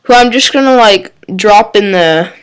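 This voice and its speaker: Slow, rambling young woman with a cough. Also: medium pitch, lively intonation, clear, resonant tone. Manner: rambling, filler-heavy, self-correcting. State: coughing and hiccuping. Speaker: baseball channel host. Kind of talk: casual solo commentary.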